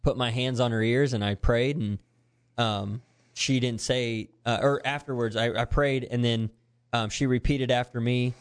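A man's voice: mid-range voice, normal speed, smooth. Earnest storytelling youth pastor, man. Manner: animated, acts out quoted voices, earnest. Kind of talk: conversational storytelling.

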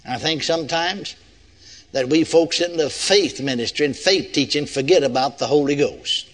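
A man's voice: a little high, moderate pace. An older man preaching a sermon in a folksy way, often putting rhetorical questions to his congregation.

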